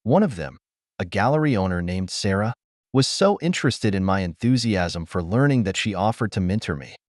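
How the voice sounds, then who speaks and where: A man narrating a first-person audio story in a steady, even storytelling delivery. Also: lowish voice, no echo, clean studio sound.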